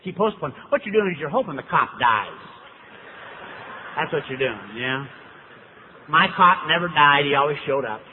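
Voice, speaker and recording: A man from Dallas with a fairly high voice tells his story in a folksy, wry way, acting out each exchange. His voice sounds thin and tinny, as if heard over a phone line. A long reverb hangs behind him in a large hall, with a faint hiss underneath. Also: expressive, normal speed, long pauses. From Dallas, Texas. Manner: folksy, wry, acts out dialogue. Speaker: recovery speaker. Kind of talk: storytelling talk to an audience.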